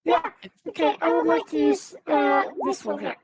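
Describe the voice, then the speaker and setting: A woman's voice: very high voice, steady tone, moderate pace, darkish tone, dry recording. A woman playing in a tabletop game, thinking aloud and asking about her options. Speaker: player. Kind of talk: casual game chat.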